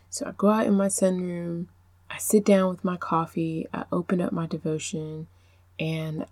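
Encouraging mom podcaster, lowish voice. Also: female voice, dry recording. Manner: warm encouraging, faith-based, speaks straight to listener. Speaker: podcast host and productivity coach. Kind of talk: casual podcast talk.

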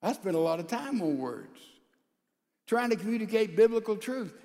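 A male pastor preaching a sermon to a large church congregation, calling out to the crowd and swinging between loud and soft. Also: high-pitched, expressive, normal speed, in a large hall. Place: large church sanctuary with a balcony.

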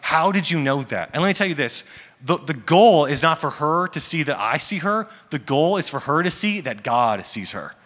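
A man's voice: a little high, expressive, normal speed, fairly bright tone. A young man preaching to a church congregation, talking casually and joking. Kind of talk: sermon. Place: large church hall. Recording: echoey hall with long reverb.

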